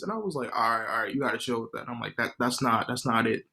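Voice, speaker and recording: A man hosting a casual interview over a video call, an animated storyteller who uses a lot of slang. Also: medium pitch, quick pace. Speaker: interviewer and podcast host.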